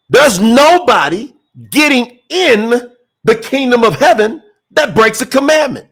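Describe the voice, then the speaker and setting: A man preaching an impassioned sermon, repeating phrases for emphasis and reading scripture slowly. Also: extremely high pitch, big pitch swings, a bit bright. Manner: reads scripture slowly, word by word. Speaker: preacher promoting a scripture translation.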